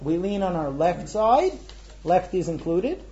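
High-voiced man leading a group meal. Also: big pitch swings, warm tone, highs cut off. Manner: instructive, brisk, good-humored. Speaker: seder leader. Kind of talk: explaining and leading a ritual meal. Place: room with a group of guests.

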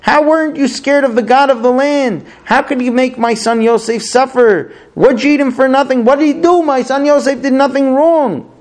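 A man's voice: extremely high pitch, a little slow, a little mellow. A man playing a grief-stricken old father who laments and cries out in a storybook retelling. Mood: bitter, demanding. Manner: lamenting, crying out.

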